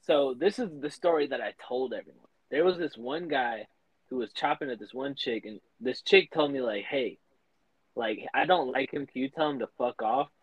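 A man's voice: medium pitch, normal speed, breathy edge, dry recording, rough recording. A young man co-hosting a podcast, telling stories in casual chat, swearing a lot and laughing often. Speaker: podcast co-host.

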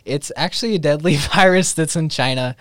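A man's voice: on the high side, fairly quick, fairly bright tone, no room sound, studio quality. A young man from Northwest Missouri co-hosting a casual podcast, laughing often and restarting his sentences. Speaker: podcast co-host.

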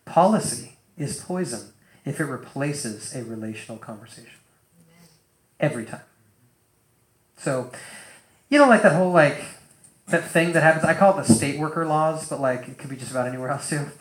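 A man preaching a casual sermon in a loose, animated way, full of fillers and acted-out asides, in a church hall. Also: fairly high pitch, moderate pace, long pauses. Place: church hall with a live audience. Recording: roomy echoing hall.

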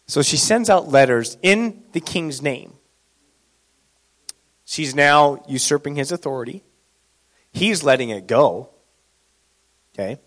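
Animated male preacher, fairly high voice. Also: slow, long pauses. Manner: animated, conversational, asks the congregation questions. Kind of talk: sermon.

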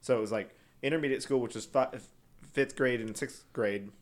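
A young man co-hosting a podcast, chatting loudly on a headset mic and laughing often as he rambles. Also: mid-range voice, normal speed. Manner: giggly, rambling, loud. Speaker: podcast co-host. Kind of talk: casual chat.

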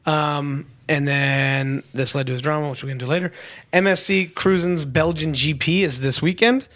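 Animated young man telling a story. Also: normal speed. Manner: animated storyteller, mimics others with sudden high voices. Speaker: podcast co-host. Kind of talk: casual storytelling chat.

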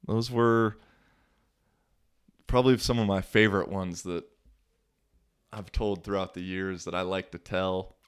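A man's voice: low-pitched, fairly even intonation, measured pace, pauses often, clean tone. Laid-back young man telling stories. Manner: laid-back, slangy, lots of filler words. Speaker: podcast host. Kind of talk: casual storytelling monologue.

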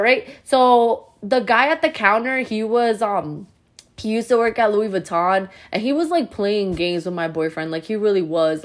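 Chatty young woman telling a story. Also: medium pitch. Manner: chatty, animated, heavy use of "like". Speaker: vlogger. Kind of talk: storytime vlog.

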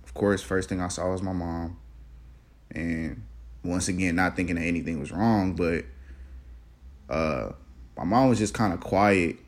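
A young man in college, telling a personal story in a casual, halting, reflective way, with many fillers and restarts. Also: low-pitched. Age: young adult.

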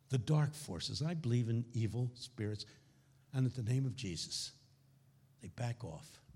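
A man giving a conference keynote sermon, telling stories dramatically and dropping to hushed lows. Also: gravelly, breathy edge. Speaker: keynote speaker. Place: conference hall.

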